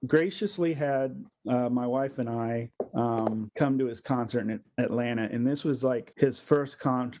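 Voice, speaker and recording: A man's voice: mid-range voice, measured pace, hardly any pauses, background noise. A man being interviewed as a guest voice actor, chatting casually, laughing often and slipping into voices.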